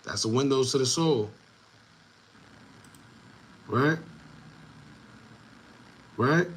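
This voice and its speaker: A man hosting an online commentary show, talking casually to viewers in a repetitive, animated way with laughing asides. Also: medium pitch, very slow, slightly rough. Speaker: show host.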